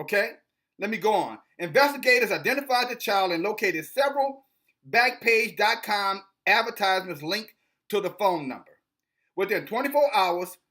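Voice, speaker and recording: Fiery high-voiced man ranting at viewers. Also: sharp tone. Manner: confrontational, preachy, calls out his audience; stumbles and repeats words when reading aloud. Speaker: video commentator. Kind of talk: impassioned commentary and article reading.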